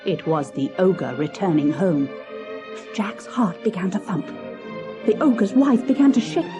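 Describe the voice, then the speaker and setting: A woman narrating a children's storybook in an expressive, lilting storytelling manner. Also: mid-range voice, a little slow, music in the background. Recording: old cassette audiobook.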